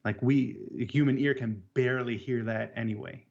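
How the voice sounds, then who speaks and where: A man co-hosting a casual technical chat about audio measurement, halting and restarting words as he explains. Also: medium pitch, fairly even intonation, creaky, darkish tone. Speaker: AV technician co-host. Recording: dull lo-fi sound.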